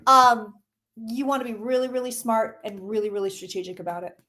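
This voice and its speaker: High-voiced excitable woman psychic. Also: brisk, noisy background. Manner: excitable, chatty, greets viewers, mild swearing. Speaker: psychic reading tarot on a livestream. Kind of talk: casual live tarot reading.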